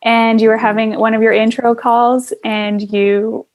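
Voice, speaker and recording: A young woman hosting a podcast, talking reflectively in casual conversation with soft laughs and plenty of fillers. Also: fairly high pitch, flat delivery, unhurried, poor audio. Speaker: podcast host.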